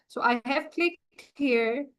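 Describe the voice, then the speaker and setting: Slow, explanatory woman trainer. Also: sits high, fairly bright tone, rough recording. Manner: slow, explanatory, talks through each click. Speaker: software trainer. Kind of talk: screen-share software tutorial.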